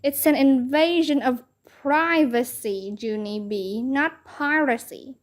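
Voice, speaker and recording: A woman voicing a strict but patient male schoolteacher who corrects grammar slowly and firmly in a children's book read-aloud. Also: sits high, expressive. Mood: correcting. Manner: slow, correcting, measured. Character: strict patient male first-grade teacher.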